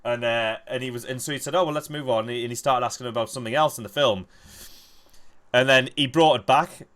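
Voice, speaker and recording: A young man chatting casually while gaming with friends, swearing freely and rambling through animated stories. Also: medium pitch, quick pace. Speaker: gamer playing with friends over voice chat.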